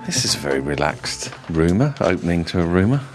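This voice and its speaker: Man, very low voice, podcast co-host, reads stories aloud, dry, swears casually. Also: very animated, a little fast, music in the background. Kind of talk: reading listener stories aloud.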